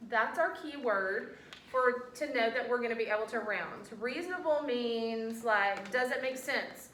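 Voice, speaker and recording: Lady teacher quizzing kids, kinda high voice, echoey room, picked up from far off. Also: a little slow, slight background noise. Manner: animated, coaxing, quizzing students with questions. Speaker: elementary school teacher. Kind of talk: classroom teaching. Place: classroom, indoors.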